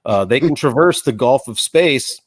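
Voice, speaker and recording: A man, co-hosting a podcast with sarcastic, deadpan jokes. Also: medium pitch, normal speed, husky, no echo. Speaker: podcast co-host. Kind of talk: casual chat.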